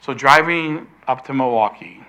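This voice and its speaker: An older man preaching a sermon, emphatic, slowing down to stress key words. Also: mid-range voice, pushed and bright.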